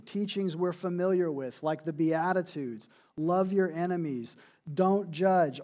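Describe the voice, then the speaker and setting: Guy preaching a sermon, kinda high voice, earnest and chatty, repeats words for emphasis. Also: a little mellow. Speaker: pastor.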